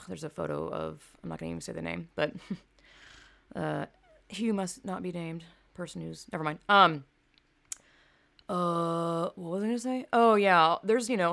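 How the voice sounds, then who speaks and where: A woman's voice: fairly low pitch, gravelly, a bit bright, clean tone. A woman from the American South, ranting in a casual, profane, rambling way, full of fillers. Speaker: vlogger. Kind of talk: casual rant to camera. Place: home in California.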